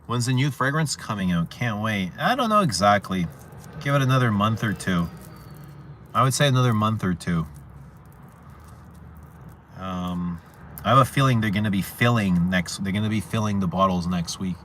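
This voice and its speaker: A man's voice: fairly low pitch, lively intonation, moderate pace, pauses often, a bit bright, slight background noise. A man hosting a fragrance livestream, chatting casually, rambling and repeating himself as he answers viewer questions. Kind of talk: casual livestream chat reading viewer comments.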